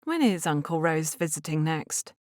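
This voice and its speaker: A woman voicing an earnest, gentle young lady in a Regency audiobook, speaking in a pleading way. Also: sits low, big pitch swings, moderate pace, dry recording, clean studio sound. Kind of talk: audiobook character reading.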